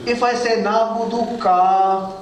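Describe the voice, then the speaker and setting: A man's voice: sits high, steady tone, unhurried. A man teaching an Arabic grammar class to a room of students, repeating words and making playful asides. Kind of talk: classroom lesson. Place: classroom or hall. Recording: echoey room from far off, faint hiss.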